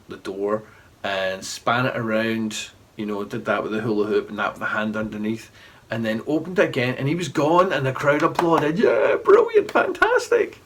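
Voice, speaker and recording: A middle-aged man, a children's author chatting and reading a story aloud in an animated way. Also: medium pitch.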